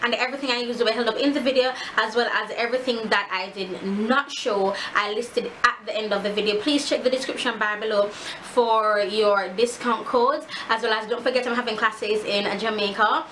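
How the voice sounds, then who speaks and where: A woman's voice: fairly high pitch, fairly even intonation, normal speed, hardly any pauses, sharp tone, a little hiss or hum, poor audio. A woman makeup artist chatting casually through a tutorial intro, rambling a little with fillers.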